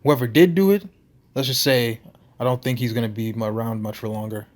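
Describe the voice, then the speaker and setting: A loudmouthed male barfly who defends himself with blustering slang, voiced by a man reading a story game. The voice stays at a plain middle pitch. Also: fairly even intonation, fairly quick, natural voice. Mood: defensive. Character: brash defensive male small-town barfly.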